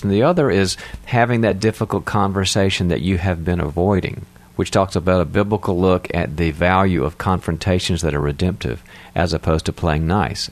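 Man, radio co-host, giving advice, very low voice, explanatory. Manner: explanatory, runs through references in long sentences. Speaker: radio show co-host, psychologist.

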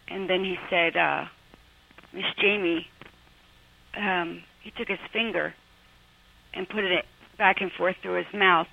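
A woman calling in to an advice show, hesitant and emotional, with many pauses and fillers. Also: lowish voice, gravelly. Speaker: caller. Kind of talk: phone-in call to advice show. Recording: phone line.

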